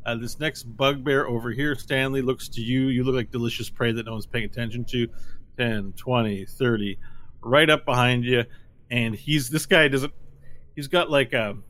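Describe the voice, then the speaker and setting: Man, game master, bright tone, casual narration, laughs often. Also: mid-range voice, steady tone, normal speed. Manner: casual, laughing easily, frequent fillers.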